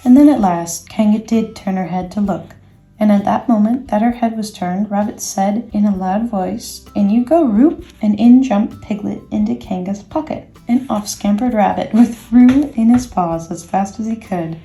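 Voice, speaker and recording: A woman reading a children's book aloud with gentle, expressive storytelling. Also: medium pitch, normal speed. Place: indoors, workspace. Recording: echoey room, faint music.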